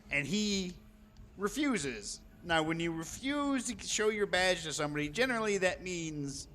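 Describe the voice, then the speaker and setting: Bright-voiced man telling a story. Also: high voice, animated, a little slow. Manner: chatty, swears freely, acts out quoted lines. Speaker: live streamer. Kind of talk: casual storytelling. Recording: long reverb, faint background noise.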